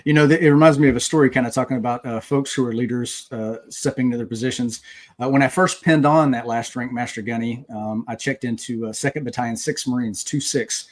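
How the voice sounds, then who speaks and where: A man's voice: mid-range voice, a little fast. A man in his forties, a retired Marine guest, telling stories in casual conversation with frequent fillers. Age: 40s. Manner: relaxed storyteller with frequent "uh" fillers.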